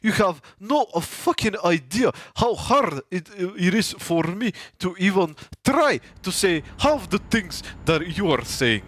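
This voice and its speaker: A man's voice: high voice, sing-song, a little slow, hardly any pauses, fairly bright tone, dry recording, voice pushed up, heavily acted. A man putting on a complaining local who speaks broken English with a heavy Russian-style accent. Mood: whining.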